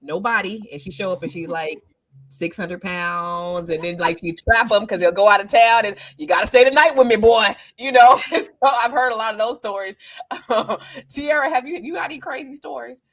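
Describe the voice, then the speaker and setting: A woman host in a casual chat, excitable and quick to interject. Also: medium pitch.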